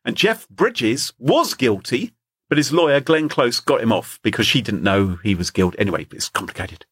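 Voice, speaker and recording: A man's voice: mid-range voice, animated, moderate pace, a bit bright, husky, dry recording, studio quality. An Englishman co-hosting a podcast, telling stories in a joking, playful way. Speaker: podcast co-host. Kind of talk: casual comedic chat.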